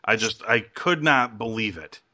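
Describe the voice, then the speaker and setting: A man's voice: fairly low pitch, lively intonation, measured pace, sharp tone. A man hosting a podcast in casual chat, rambling with frequent laughs and restarts. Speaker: podcast host.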